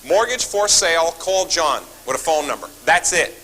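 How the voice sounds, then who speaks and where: A man's voice: a little high, moderate pace, poor audio. A man telling stories at a seminar, acting out his phone calls and turning often to the audience. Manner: animated, acts out phone calls, talks to the audience. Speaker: seminar speaker. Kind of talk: seminar storytelling.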